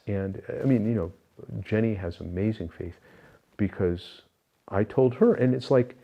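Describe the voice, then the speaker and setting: A man's voice: lowish voice, measured pace, muffled recording. An older man being interviewed, recounting personal spiritual experiences in an earnest, reflective way, with many fillers and restarts. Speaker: interview guest.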